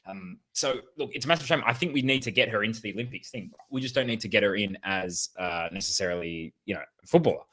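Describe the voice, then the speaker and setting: A man's voice: fairly low pitch, fast talker, few pauses, a bit bright. A man with an Australian accent co-hosting a podcast in casual chat, joking and rambling and often laughing. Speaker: podcast co-host.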